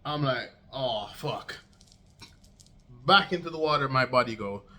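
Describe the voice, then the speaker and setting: A young man vlogging a casual storytime, slangy and swearing, acting out quotes with big jumps in pitch. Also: lively intonation, fairly quick, sharp tone.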